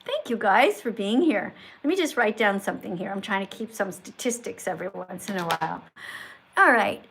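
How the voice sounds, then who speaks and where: A woman's voice: medium pitch, animated, brisk, gravelly, a bit bright, husky. A woman hosting a live stream in a schoolteacher tone, correcting and praising viewers with emphatic delivery. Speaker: livestream host.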